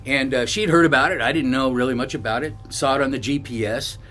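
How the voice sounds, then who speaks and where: A man's voice: medium pitch, fast talker, fairly bright tone, faint music behind. A man from northern California, a bikepacking vlogger, telling a story to camera in a loose, rambling way with restarts and asides.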